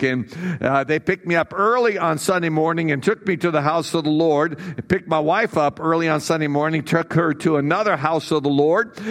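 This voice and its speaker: A middle-aged pastor preaching in a folksy, joking way, often pausing on "uh" between thoughts. His voice sits a little high for a man. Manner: jokey, folksy, many fillers. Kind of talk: sermon.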